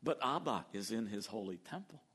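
An older man preaching a sermon, lively and acting out the quoted voices as he goes. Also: on the low side, brisk, husky. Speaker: pastor.

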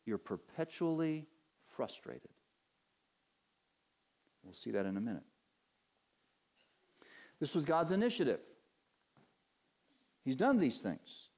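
A man preaching a sermon as pastor. He poses questions to his listeners and answers them, drawing out key words and climbing higher and stronger when he drives a point home. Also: a little mellow. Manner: earnest preaching, rising in pitch and force for emphasis, slows on key words.

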